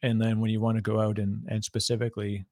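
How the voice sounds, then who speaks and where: A man hosting a casual conversation, telling stories with lively acted-out quotes and frequent laughter. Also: on the low side, fast, no room sound, studio quality. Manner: animated storyteller, laughs often, acts out quoted voices. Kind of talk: casual chat.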